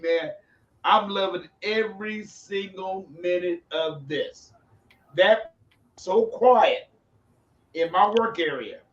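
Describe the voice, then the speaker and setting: A man on a podcast, casually rambling through a story in a relaxed, chatty way. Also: high-pitched. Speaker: podcast co-host. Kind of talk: casual chat. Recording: roomy, distant, dull lo-fi sound.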